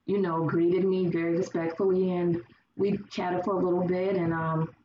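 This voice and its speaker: A woman guest in casual conversation, telling her stories lively and acting out the people she quotes. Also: on the low side, normal speed. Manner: animated storyteller acting out quoted voices. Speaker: podcast guest. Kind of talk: casual chat. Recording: roomy, distant, dull sound with faint hiss.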